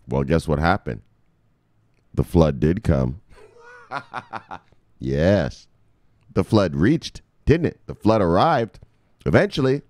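A man with a very low voice swoops up and down as he preaches a mock sermon about crypto. His delivery is crude and joking, and the dry, close sound leaves no room echo. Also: a little mellow. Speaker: crypto video host.

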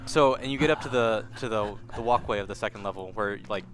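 A man narrating as game master of a tabletop game, in a relaxed, halting way with many fillers. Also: on the low side, music in the background.

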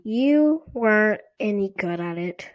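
A woman's voice: mid-range voice, expressive, slow pace. A woman voicing a cheerful girl who loves puppets in a storybook reading, speaking eagerly and insistently. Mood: fond.

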